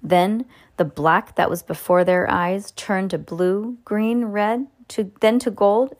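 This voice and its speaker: A woman reading a children's story aloud, lively, with small slips and side comments. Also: on the low side.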